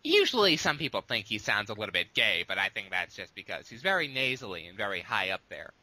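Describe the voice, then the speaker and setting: Bright-voiced man rambling through answers. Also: on the low side, very animated, fast, dry recording. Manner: long-winded, rambling with restarts. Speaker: guest, abridged series creator. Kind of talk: casual interview answers.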